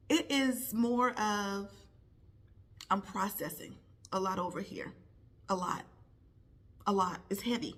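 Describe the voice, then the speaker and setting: Woman, middle-aged, vlogger, heartfelt, pausing often, repeating words, medium pitch. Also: fairly bright tone. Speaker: vlogger, nurse. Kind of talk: personal vlog talk to camera.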